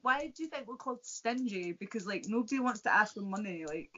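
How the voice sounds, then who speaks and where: A talkative Scottish woman chatting over a video call, her voice sitting at an ordinary middle pitch. The sound is dull and lo-fi, and she rambles along with plenty of "like" and false starts. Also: lively intonation, a little fast, a bit bright. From Scotland. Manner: chatty, rambling, many fillers and restarts. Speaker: co-host. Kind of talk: casual chat.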